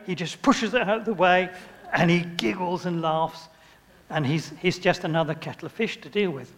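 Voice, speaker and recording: An older man preaching, his voice sitting high for a man. He tells homely stories, chuckles and acts out little scenes. His words ring on with a long echo of a church hall. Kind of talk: sermon.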